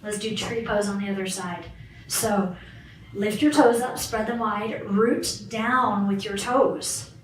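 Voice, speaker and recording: A woman's voice: medium pitch, steady tone, slow pace. A woman fitness instructor leading a guided balance and stretching class, cueing moves and counting reps in an encouraging way. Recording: roomy, far from the mic, faint background hiss.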